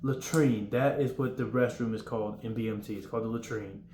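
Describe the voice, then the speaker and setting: A young man giving casual, rambling advice about basic training and acting out the drill yelling now and then. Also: mid-range voice, steady tone, a little fast. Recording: roomy with faint room noise.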